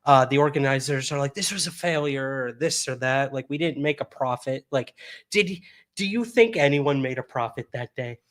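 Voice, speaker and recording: A man's voice: mid-range voice, moderate pace, fairly bright tone. A man hosting a podcast in a studio, chatting casually with his guest and laughing often. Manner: laughs often, short reactions. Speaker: podcast host. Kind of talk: casual interview chat.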